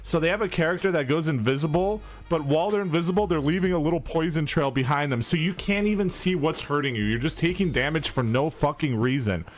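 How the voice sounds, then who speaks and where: A man's voice: fairly high pitch, quick pace, few pauses, faint music behind. Young man with a lightly raised voice, swearing as he rambles. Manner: rambling, profane storytelling. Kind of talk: casual gaming chat.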